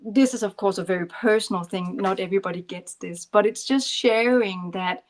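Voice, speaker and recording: Woman coach on a podcast, earnest and gentle, stumbles and restarts a bit, mid pitch. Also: normal speed. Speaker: podcast guest, leadership coach. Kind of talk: storytelling in conversation.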